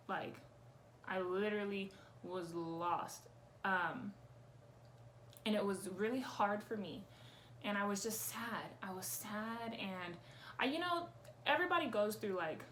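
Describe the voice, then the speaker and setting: A woman's voice: medium pitch, fairly bright tone, a little hiss or hum. Frank, emphatic young woman vlogging. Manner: emphatic, frank, swears freely, gets riled up. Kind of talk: candid personal vlog.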